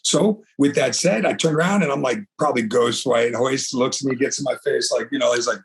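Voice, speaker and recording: Gravelly forty-something man telling stories. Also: medium pitch, brisk, few pauses. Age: 40s. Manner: animated storyteller, acts out quoted dialogue. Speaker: martial arts instructor, guest. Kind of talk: casual podcast conversation.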